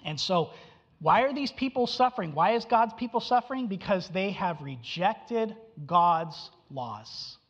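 A man's voice: high voice, expressive, a little slow, husky. A male preacher teaches emphatically, repeating his key phrases and asking his listeners questions. His voice carries a long echo through a hall. The recording is dull and muffled. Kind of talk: expository sermon.

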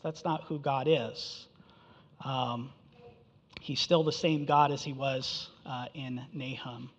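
Man preaching, fairly high voice, emphatic and conversational, long hall echo, dull recording. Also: steady tone, unhurried. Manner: conversational, emphatic, rhetorical questions. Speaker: pastor. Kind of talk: sermon.

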